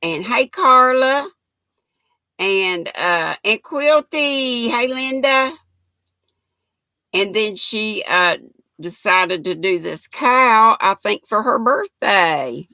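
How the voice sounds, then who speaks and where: A woman's voice: mid-range voice, expressive, extremely slow, sharp tone, no room sound. An older woman, chatting folksily with viewers and reading their comments on a knitting livestream, laughing often. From United States.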